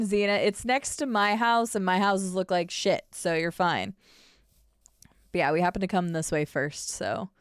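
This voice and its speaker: Woman streamer, casual chat, very animated pitch, laughs a lot. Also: normal speed, gravelly, dry recording, studio quality. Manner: chatty, laughs often, talks to chat and players.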